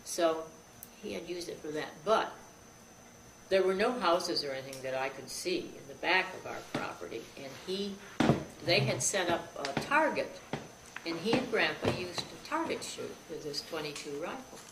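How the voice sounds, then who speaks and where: An older woman recounts an old family story, slipping into the voices of the people she quotes. Her voice is a little gravelly and comes from a distance off the mic. The room rings around her, and there is steady noise on the tape. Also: lowish voice, normal speed. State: frog in her throat, coughing. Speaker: interview guest. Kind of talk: storytelling, recalling childhood. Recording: roomy, distant, noisy 2001 tape.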